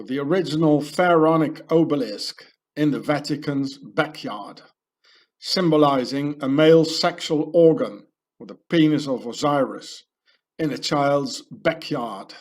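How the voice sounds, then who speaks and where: Brief: male voice-over narrator, unhurried, ranting, rambling delivery. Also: a little high. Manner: rambling, ranting, heavy with fillers. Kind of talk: conspiracy video voice-over.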